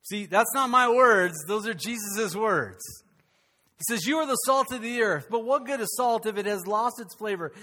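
High-voiced man preaching a sermon. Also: normal speed. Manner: animated preaching with frequent restarts and fillers. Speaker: pastor.

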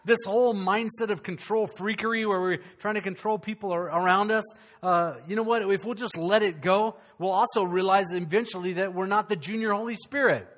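Bright-voiced man preaching a lively sermon. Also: high-pitched. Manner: conversational preaching with humor and dramatic pauses. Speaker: pastor. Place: church sanctuary before a congregation.

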